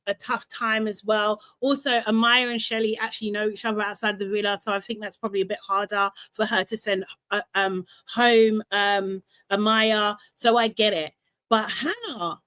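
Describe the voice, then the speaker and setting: A woman's voice: on the high side, fairly bright tone, no echo. A young woman hosting a live recap, chatting casually and with strong opinions, laughing and mimicking people as she goes. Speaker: host recapping a reality show.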